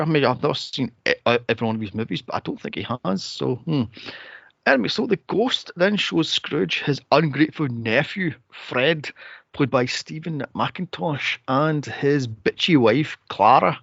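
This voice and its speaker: Animated, gravelly man retelling a movie. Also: dry recording, dull audio. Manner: laughing, animated retelling with squeaky impressions. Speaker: podcast co-host. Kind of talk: casual movie-review chat.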